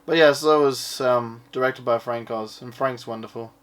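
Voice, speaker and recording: A man's voice: medium pitch, fairly even intonation, normal speed, fairly bright tone. A man chatting casually as he shows off his purchases, rambling and offhand and swearing now and then. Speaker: collector showing his purchases. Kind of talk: casual unboxing chat.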